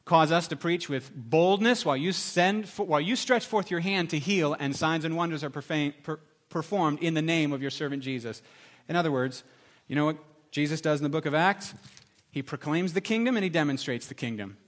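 A middle-aged man preaching a sermon, telling stories with lively, animated delivery and acting out other people's voices. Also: fairly quick. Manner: animated storytelling, acts out voices with big pitch jumps. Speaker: pastor.

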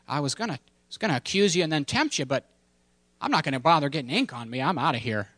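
A man's voice: fairly high pitch, expressive, fast, fairly bright tone, no echo. A man doing a whiny, beaten devil. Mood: whiny exasperation. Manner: exasperated, complaining.

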